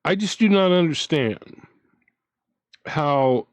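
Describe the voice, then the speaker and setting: A man's voice: mid-range voice, unhurried, darkish tone, no room sound. Indignant rambling man, dry close sound. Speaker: commentary channel host. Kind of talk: casual ranting commentary.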